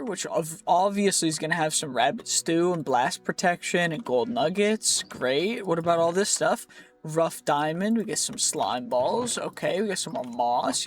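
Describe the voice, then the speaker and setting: A man giving chatty, rambling commentary while playing a video game, joking around and restarting his sentences often. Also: fairly high pitch. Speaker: gaming video creator. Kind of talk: casual gameplay commentary.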